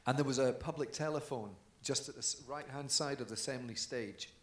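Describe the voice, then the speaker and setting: This is a male guest dancer being interviewed before a live audience, sharing chatty anecdotes and joining in the laughter. He speaks at medium pitch and normal speed, recorded through a stage mic in an echoey, large conference hall.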